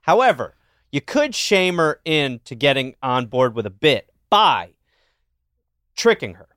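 A man co-hosting an advice podcast, lively and quick to laugh as he works through an idea. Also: medium pitch, no echo, studio quality. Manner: lively, laughing, riffs on ideas. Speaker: podcast co-host. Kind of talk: casual chat.

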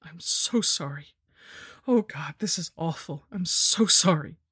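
A woman's voice: low voice, lively intonation, unhurried, a bit bright, breathy edge, no room sound, clean studio sound, full character voice. A woman doing a trembling young butler. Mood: tremulous, remorseful.

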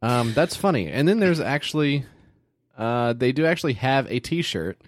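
A man's voice: mid-range voice, sing-song, moderate pace, dry recording. A man co-hosting a comedy podcast in a studio, chatting casually in a dry, wry manner. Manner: dry, wry, reads items aloud. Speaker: podcast co-host. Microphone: close studio mic, headphones.

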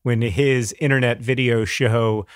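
A man's voice: mid-range voice, steady tone, a little slow, no room sound. A middle-aged man co-hosting a podcast, chatting casually with wry, dry humor and frequent laughter. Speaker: podcast co-host. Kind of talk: casual chat.

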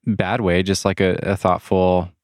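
Host: woman with a very low voice, relaxed manner, dry close recording. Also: measured pace, dry recording. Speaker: podcast host. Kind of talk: casual podcast interview.

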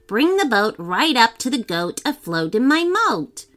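A woman voicing an excitable, fussy man who owns a castle moat, speaking in a slow, wailing, sing-song way. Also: on the high side. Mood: fretful.

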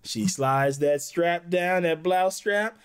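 A man's voice: high-pitched, takes it slowly, clear, resonant tone. A man co-hosting a podcast, recapping a TV episode in loose, slangy casual chat with frequent laughs. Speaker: podcast co-host.

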